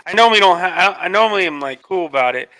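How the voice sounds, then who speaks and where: A man's voice: high-pitched, very fast, a crowd in the background. A man telling a road story in casual chat, swearing a lot and acting out his frustration. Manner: animated storytelling, heavy swearing.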